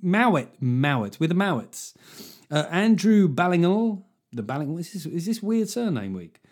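A man's voice: a little high, very animated, moderate pace, darkish tone. A man hosting a comedy podcast, riffing sardonically and swearing freely in a solo monologue. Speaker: podcast host.

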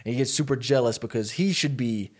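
During a casual podcast conversation, a man tells his co-host a story. He voices the characters in quick, animated bursts before returning to his ordinary mid-pitched delivery.

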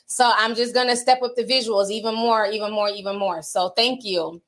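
A woman's voice: mid-range voice, steady tone, a little fast, a bit bright. A woman hosting a casual livestream, chatting and reading out viewer super chats, laughing often.

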